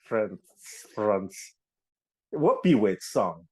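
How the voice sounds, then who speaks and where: A man's voice: lowish voice, big pitch swings, very slow, a little mellow. Teasing male podcast host. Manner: teasing, joking. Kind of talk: casual chat.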